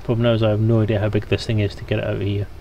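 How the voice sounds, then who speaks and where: A man's voice: lowish voice, monotone, very fast, lo-fi sound, a little hiss or hum. Chatty British man streaming a game. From Scotland. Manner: chatty, talks to viewers in chat as he plays. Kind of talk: casual live-stream gaming commentary.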